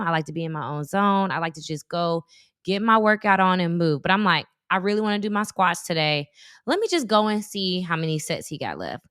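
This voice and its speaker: A woman's voice: medium pitch, smooth, no echo, clean studio sound. A woman in her thirties, a guest in a casual chat, telling stories with lots of acted-out quotes. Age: 30s. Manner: animated storyteller, acts out quotes.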